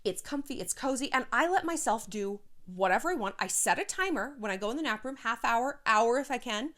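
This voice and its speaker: A woman giving frank, animated life advice in a casual vlog, a little short of breath and sighing now and then. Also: a little high, fairly quick. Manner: frank, animated, swears, slips into quoted voices.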